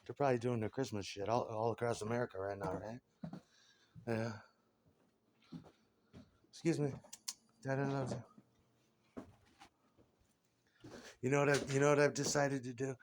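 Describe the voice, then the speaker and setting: A man's voice: mid-range voice, fairly even intonation, normal speed, long pauses, a little hiss or hum. A man in his forties delivering a rambling, crude comic monologue, laughing often and stumbling over repeated words.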